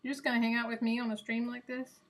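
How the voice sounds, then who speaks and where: A woman's voice: on the high side, little pitch movement, quick pace. A woman live streaming in casual chat, rambling and answering her viewers by name. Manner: coos softly to her cat.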